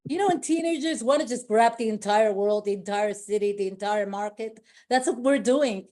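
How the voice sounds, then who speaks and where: A woman's voice: medium pitch, moderate pace, hardly any pauses, mellow. A woman giving an emotional, effusive motivational speech to her company team on a call, often repeating herself and restarting sentences.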